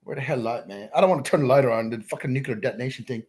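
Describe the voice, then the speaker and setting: Racing along in a medium-pitched, darkish, slightly rough voice, a man hosts a livestream and spins a rambling, profane tale. He keeps closing sentences with "man" and insists the whole thing actually happened.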